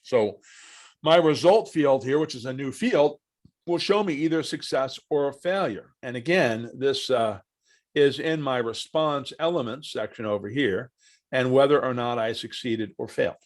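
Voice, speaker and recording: A man leading a live online software training, walking through each step aloud and quizzing the class with true-or-false questions. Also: mid-range voice, moderate pace. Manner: chatty, asks the class questions, walks through steps aloud.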